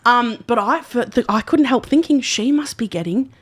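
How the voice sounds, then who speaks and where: Lively woman podcast host. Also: on the high side, moderate pace. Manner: animated, bursts into loud impressions. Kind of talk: casual chat.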